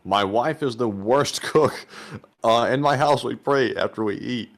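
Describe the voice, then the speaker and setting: A man's voice: mid-range voice, a little slow, gravelly. A man co-hosting a show who reads viewer messages aloud in a casual way, with hesitations. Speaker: co-host reading viewer messages. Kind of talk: casual chat.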